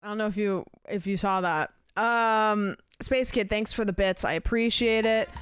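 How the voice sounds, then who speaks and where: A young adult woman streams live from her desk in a mid-range, steady voice that's clear, resonant, and a bit bright, at a normal speed. The studio-quality audio has no room sound. In casual stream chat, she rambles through stories and thanks donors between them.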